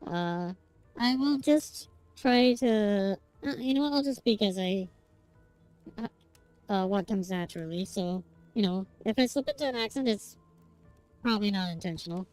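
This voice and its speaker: Mellow-voiced woman streamer, accent wanders. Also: medium pitch, expressive, moderate pace, soft background music, poor audio. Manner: slips between accents when narrating; rambling and self-conscious. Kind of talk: reading game narration and chatting.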